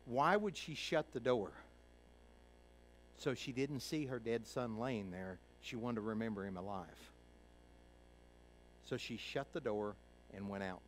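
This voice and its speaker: A middle-aged male pastor from Kentucky preaching a sermon, telling a personal story in a folksy way, acting out the voices of others and moving between hushed and loud. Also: medium pitch, a little slow, long pauses, a little hiss or hum, rough recording.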